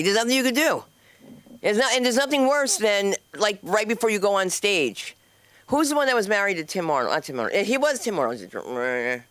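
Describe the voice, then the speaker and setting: Brash woman stand-up host, smooth voice. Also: fairly low pitch, fairly bright tone. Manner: brash, chatty, teases the audience. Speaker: open mic host and comedian. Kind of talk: stand-up comedy. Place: comedy club stage. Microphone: handheld microphone.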